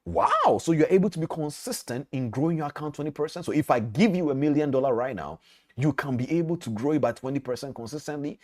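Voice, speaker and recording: A man voicing an excited wealthy man who fires off amazed, eager questions. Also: a little high, fast, dry recording, studio quality, natural voice.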